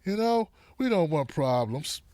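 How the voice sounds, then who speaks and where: A man hosting a live online show, greeting viewers by name in a casual, playful way, with a dry throat that he keeps clearing. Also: a little high, measured pace, no echo. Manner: lively and animated, playful asides to viewers.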